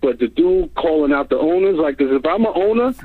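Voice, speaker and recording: A man's voice: a little high, brisk, no room sound. Man on a tinny phone line. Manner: animated, emphatic. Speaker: caller. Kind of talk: casual chat.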